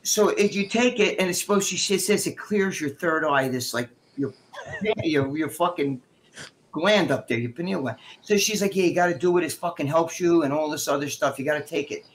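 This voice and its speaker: A middle-aged man with a slightly high voice, telling a story on a live stream in a loose, profane way. He acts out the other people's lines himself, pushing his voice up and down to play each part. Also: normal speed, a little hiss or hum. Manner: profane, animated, acts out quoted dialogue. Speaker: guest co-host.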